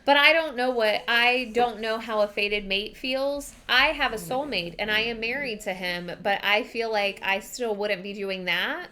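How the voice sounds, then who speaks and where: A woman's voice: fairly high pitch, measured pace, hardly any pauses, pushed and bright. A young woman hosting a book podcast, giving a chatty, rambling recap full of fillers. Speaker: podcast host.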